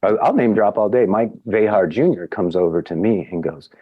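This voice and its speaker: A middle-aged man, a podcast guest, tells a casual anecdote, acting out quotes with big jumps in pitch. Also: a little fast, dry recording, phone-quality sound.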